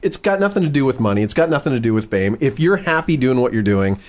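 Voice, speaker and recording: A man's voice: medium pitch, animated, fast. A man co-hosting a podcast, talking casually and rambling through his thoughts. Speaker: podcast co-host.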